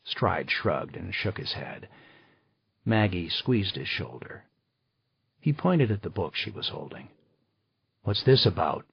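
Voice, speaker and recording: A male audiobook narrator with a low, gravelly, husky voice reads in a measured, unhurried way. The recording is dry and somewhat dull, with no room around it. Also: big pitch swings, dry recording. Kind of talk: scripted narration.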